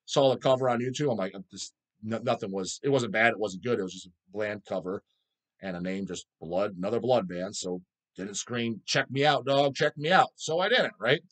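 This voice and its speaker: A man's voice: lowish voice, normal speed, a bit bright. A man hosting his own channel, answering viewer questions in a blunt, crude, constantly swearing rant. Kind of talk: profane casual rant.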